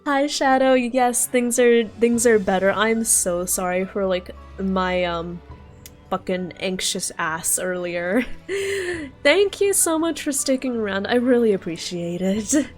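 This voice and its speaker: A woman's voice: fairly high pitch, very animated, unhurried, soft background music. A woman streaming a video game, chatting casually and giggling as she talks to her viewers. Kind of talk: casual gaming stream chat.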